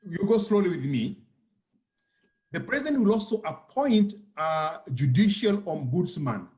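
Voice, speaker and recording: A man's voice: a little high, sing-song, measured pace, a little mellow. A man on a church TV panel, explaining things point by point and repeating words as he thinks. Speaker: panel guest.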